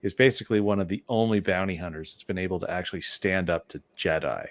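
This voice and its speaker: A man's voice: deep voice, quick pace, no room sound. A man hosting a casual discussion, talking emphatically and with strong opinions.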